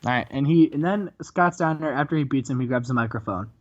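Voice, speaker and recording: A man hosting a wrestling-sim let's-play, spinning the booking into an animated story and laughing along as he goes. His voice sits in an ordinary middle register, recorded on a dull, lo-fi microphone. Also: medium pitch, fast talker. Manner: animated storytelling, quotes characters, laughs often. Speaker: host. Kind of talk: comedic let's-play commentary.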